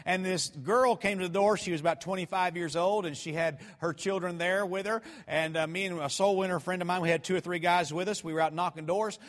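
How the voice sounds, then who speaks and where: A man preaching a fervent sermon that swings from hushed storytelling to shouting. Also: high-pitched, steady tone, fairly quick, few pauses. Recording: long hall reverb.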